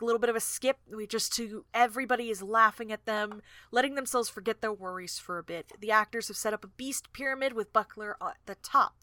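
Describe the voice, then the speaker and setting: A woman co-host chatting casually about a book, retelling scenes with plenty of fillers. Her voice is bright and a touch high. The sound is dry and close. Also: dry recording. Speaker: podcast co-host. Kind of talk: casual book-discussion chat.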